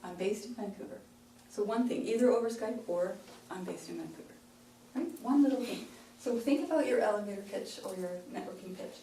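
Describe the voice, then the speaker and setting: A woman's voice: mid-range voice, a little fast, dark tone. Woman workshop coach, demonstrative, breaks lines into chunks; echoey room, distant mic. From Canada. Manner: demonstrative, chops phrases into short chunks. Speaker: pronunciation coach. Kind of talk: workshop talk. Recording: roomy sound from a distant mic, faint hiss.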